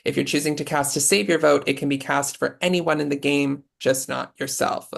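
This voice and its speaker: Host reading out vote rules, kinda gravelly, even tone. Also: mid-range voice, a little fast. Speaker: game host. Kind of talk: announcing voting rules.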